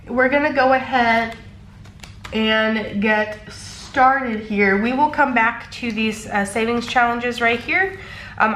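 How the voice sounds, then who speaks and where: A woman's voice: on the high side, pushed and bright, reverberant, slight background noise. Congested woman chatting through her budget. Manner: chatty, frequent ums, counting bills aloud. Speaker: cash budgeting vlogger. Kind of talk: casual chat.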